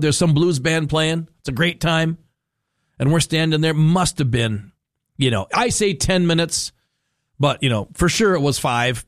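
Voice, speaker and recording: A man hosting a casual radio talk segment, chatty and animated, telling stories and acting out quoted people. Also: a little high, no room sound, clean studio sound. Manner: chatty, animated storytelling with playful quoted voices. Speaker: radio host.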